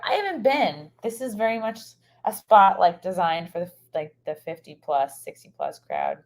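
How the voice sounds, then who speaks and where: Very animated, with a voice on the low side, a woman comedian talks at a moderate pace with few pauses during a casual hotel-room live stream. Her scatterbrained, rambling chat is packed with fillers, captured on a streaming mic.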